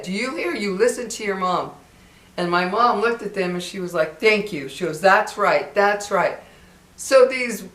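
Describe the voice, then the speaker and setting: A woman in her sixties telling childhood stories casually to her viewers, animated, acting out the adults who scolded her. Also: on the low side. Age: 60s. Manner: animated, acts out scolding voices loudly. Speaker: vlogger. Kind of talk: casual storytelling to camera. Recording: echoey room.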